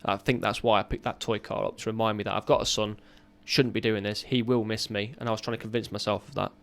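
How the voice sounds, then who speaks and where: Gravelly-voiced man, raw storytelling. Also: on the low side, little pitch movement, fairly bright tone. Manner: raw, earnest, halting with restarts. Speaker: podcast guest, ex-serviceman. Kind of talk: candid personal storytelling.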